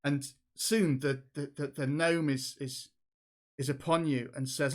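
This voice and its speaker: A man's voice: on the high side, steady tone, measured pace. A man running a tabletop game as game master, narrating with hesitant restarts. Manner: hesitant, many fillers and restarts.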